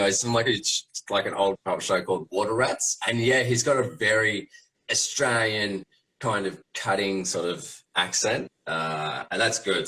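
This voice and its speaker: A man with an extremely low, rumbling voice talks through his process as a guest on a live Q&A. He rambles loosely and hesitantly, piling up fillers as he goes. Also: sharp tone, poor audio. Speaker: guest resin toy maker. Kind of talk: casual live Q&A chat.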